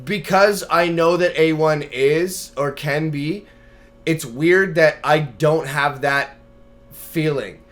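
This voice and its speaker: A man's voice: fairly high pitch, takes it slowly, fairly bright tone. A man talking casually in an interview, brash and profane, telling hyped stories with bursts of laughter. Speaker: battle rapper guest.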